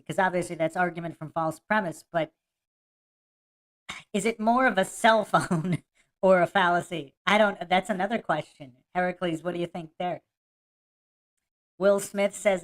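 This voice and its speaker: Laughing mocking woman podcast host. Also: lowish voice. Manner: laughs often, mocking, reads chat aloud. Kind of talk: casual live-stream commentary.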